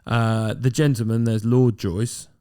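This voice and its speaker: A man's voice: mid-range voice, flat delivery, measured pace, mellow, clean tone. A man in his thirties, co-hosting a casual film podcast, rambling and restarting his sentences. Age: 30s. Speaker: podcast co-host. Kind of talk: casual chat.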